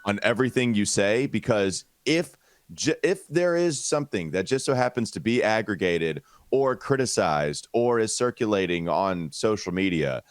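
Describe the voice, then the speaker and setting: A man's voice: lowish voice, animated, moderate pace, no echo, studio quality. A man hosting a casual sports podcast, talkative and teasing his co-host. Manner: teasing, talkative, reads ad copy.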